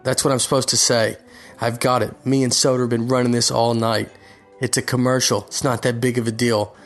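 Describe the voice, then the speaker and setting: Man, young adult, self-deprecating, rambling comic monologue, mid-pitched voice, faint background music. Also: little pitch movement, fairly quick. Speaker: comedian recording a guest spot. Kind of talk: casual comedic monologue.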